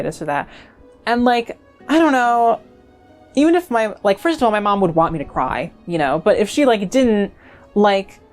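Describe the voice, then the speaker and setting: A woman's voice: medium pitch, darkish tone. A young adult woman giving casual let's play commentary, rambling and chatty with many fillers.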